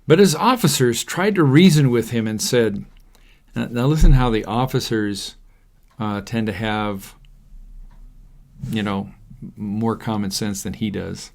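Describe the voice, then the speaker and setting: A man's voice: fairly low pitch, unhurried, creaky, a little mellow. A man teaching from the Bible, reading a story aloud in a casual, conversational way and breaking in with chatty asides.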